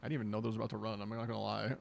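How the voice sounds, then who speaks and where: A young man chatting casually on a live stream, laid-back and excitable, laughing easily. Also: lowish voice, very fast, gravelly.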